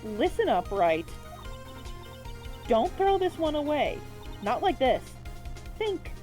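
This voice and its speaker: A woman plays a firm mentor lawyer who coaches with insistent urging. Her voice sits a touch high, with faint game music behind. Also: sing-song, slow pace, darkish tone, exaggerated voice. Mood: urgent.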